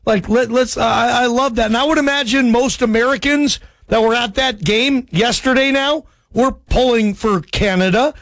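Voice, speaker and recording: A man hosting a call-in sports radio show, chatty and excitable, calling listeners bro. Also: very high-pitched, moderate pace, few pauses, no echo. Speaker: radio sports talk host.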